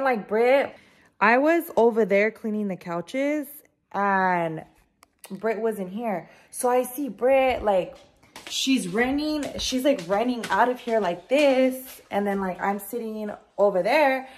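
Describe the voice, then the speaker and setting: This is a young woman recording a casual storytime vlog in her kitchen. She talks in a lively, expressive way, leaning on "like" and dropping swear words. Her voice sits a little high for a woman. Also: slow. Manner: animated, swears freely, heavy use of "like". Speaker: vlogger. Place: home kitchen, indoors.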